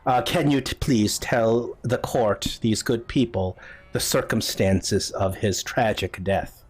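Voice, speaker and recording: A man's voice: lowish voice, takes it slowly, husky, pitched below the performer's own voice. A man doing a polite prosecutor, stammering, flustered, eager to please. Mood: solemn.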